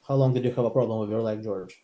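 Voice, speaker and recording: A man's voice: fairly low pitch, fairly even intonation, racing, dark tone, roomy sound. A man in sales training, speaking hesitantly and thinking aloud as he works through his questions.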